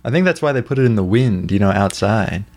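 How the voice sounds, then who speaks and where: Co-host, casual chat, lively intonation, laughs easily, mid pitch. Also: quick pace. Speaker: podcast co-host.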